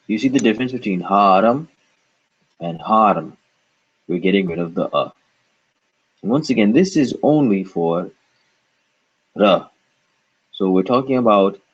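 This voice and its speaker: A man teaching pronunciation at a very slow, deliberate pace, with a low, husky voice. He repeats each word carefully and guides the learner with questions. The recording sounds dull and lo-fi. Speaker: language teacher. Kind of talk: slow, patient pronunciation lesson.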